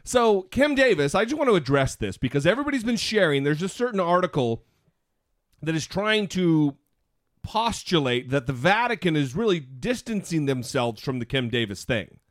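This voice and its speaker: A man co-hosting a casual podcast, talking in quick asides and poking fun at himself. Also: on the high side, no echo, clean studio sound. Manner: animated, self-mocking, quick asides. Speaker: podcast co-host.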